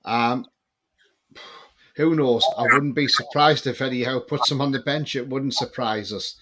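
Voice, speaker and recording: A man, a Newcastle fan guest on a live stream, calmly explaining things in a casual chat. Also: mid-range voice, a little slow.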